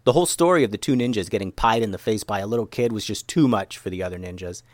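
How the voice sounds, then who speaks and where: A man narrating a children's story in an expressive, animated reading. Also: fairly low pitch, fast talker, no echo.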